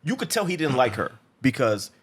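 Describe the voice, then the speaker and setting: With a medium-pitched, sing-song, breathy voice, a movie review podcast host talks briskly through a film. The recap is casual and rambling, packed with restarts and swearing, and he acts out the quotes.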